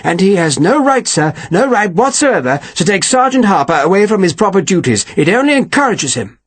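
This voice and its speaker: A man doing a prickly army captain with a raised, clipped and officious voice. He sounds husky and moves his pitch around a lot, and he grumbles about everyone beneath him. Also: very animated, a little fast, heavily acted. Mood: aggrieved. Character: stiff, pushy male army captain, disdainful.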